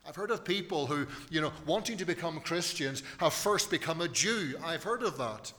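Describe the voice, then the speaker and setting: A man's voice: fairly high pitch, expressive, normal speed, hardly any pauses, pushed and bright, in a large hall. A man preaching a sermon in church, emphatic and repeating key phrases for weight.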